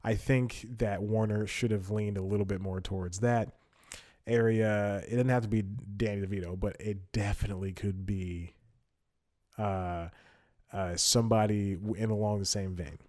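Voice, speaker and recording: A man's voice: on the low side, steady tone, moderate pace, a little mellow. A man hosting a solo podcast in casual commentary, chatty, thinking aloud and laughing often. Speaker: podcast host.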